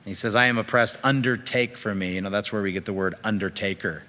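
Bright-voiced male pastor preaching in a hall. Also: on the low side, quick pace. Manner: animated preaching, reading scripture with rising emphasis. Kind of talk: sermon.

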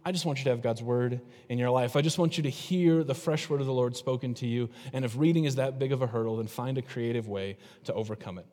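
A man's voice: medium pitch, quick pace, few pauses, mellow. A middle-aged male pastor preaching a sermon in a conversational way, throwing rhetorical questions at the congregation. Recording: long hall reverb.

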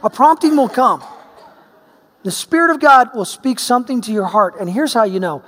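A man's voice: extremely high pitch, normal speed, big-room sound. A middle-aged man from Oregon preaching a sermon, telling a personal story and acting out the voices in it. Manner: animated storyteller, acts out voices. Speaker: pastor.

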